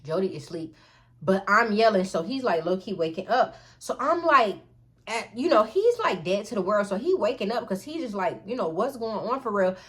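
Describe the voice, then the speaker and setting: A woman vlogger telling a storytime tale in an animated, profane way, often calling out to her viewers. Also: mid-range voice, moderate pace. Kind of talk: storytime vlog.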